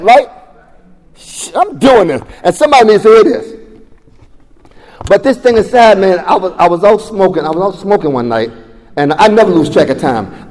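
High-voiced man telling his story. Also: in a large hall. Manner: animated storytelling, acts out quoted voices. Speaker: speaker sharing recovery story. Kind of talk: testimony at a recovery meeting.

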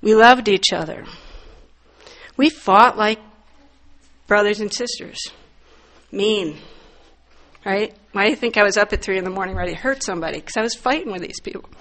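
A middle-aged woman from the northern United States giving a candid, wry personal testimony, with sudden loud emphatic bursts. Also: mid-range voice, normal speed, pauses often. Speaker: recovery meeting speaker.

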